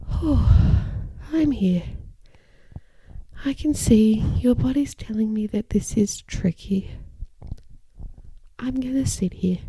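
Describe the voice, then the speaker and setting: A woman with a dark, mellow voice that carries a gravelly edge of fry, explaining as an occupational therapist on her podcast. She speaks calmly and deliberately, and her phrases keep fading into breathy near-whispers. The sound is close and dry. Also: on the high side, no echo. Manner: calm, measured, phrases trailing into breathy whispers. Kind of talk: educational podcast talk. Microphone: microphone.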